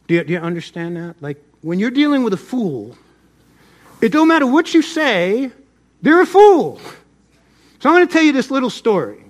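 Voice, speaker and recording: A middle-aged pastor preaching a sermon, swinging between loud emphasis and soft asides. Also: male voice, high voice, big pitch swings, moderate pace.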